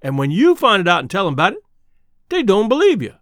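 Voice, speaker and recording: A man's voice: high voice, wildly swooping pitch, quick pace, fairly bright tone, no echo, clean studio sound, heavily acted. A man doing a frightened, pleading old slave man. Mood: fearful pleading. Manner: whining, pleading, drawling dialect.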